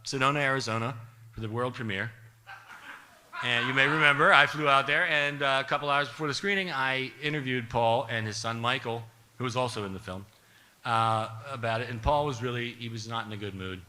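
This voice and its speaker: A man telling a comic story live to an audience, animated and wry, chuckling through his punchlines. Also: medium pitch, fairly quick, slight background noise.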